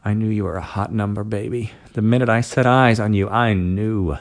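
Narrator voicing a commanding man: husky, gruff, hushed and low, with gravel. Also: fairly even intonation, normal speed, lightly acted.

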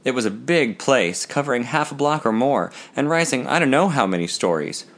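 Man reading a novel aloud, lively pitch. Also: fairly quick. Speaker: audiobook narrator. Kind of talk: first-person audiobook reading.

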